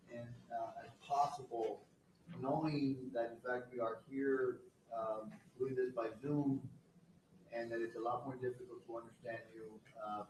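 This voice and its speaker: A man presiding over a trial, speaking sternly in halting, rambling sentences. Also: medium pitch, darkish tone, a little hiss or hum. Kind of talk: courtroom remarks. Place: courtroom. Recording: echoey room from far off.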